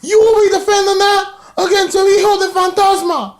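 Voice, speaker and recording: A man voicing a mocking male wrestling manager in a high falsetto, as an impression within his own casual video review. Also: steady tone, moderate pace. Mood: taunting.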